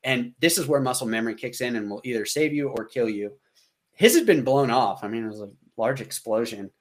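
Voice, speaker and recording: A man in his thirties with an American accent, telling a war story as a podcast guest, animated and acting out the dialogue he quotes. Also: mid-range voice, fairly quick. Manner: animated, acts out quoted dialogue, frequent fillers. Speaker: podcast guest, combat veteran. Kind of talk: casual storytelling.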